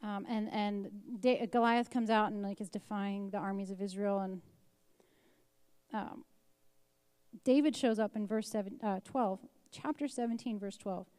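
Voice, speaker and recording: A woman's voice: mid-range voice, fairly even intonation, measured pace, darkish tone, smooth, no room sound. A woman teaching an informal Bible lesson in a conversational way, reading scripture aloud and dramatizing the quotes.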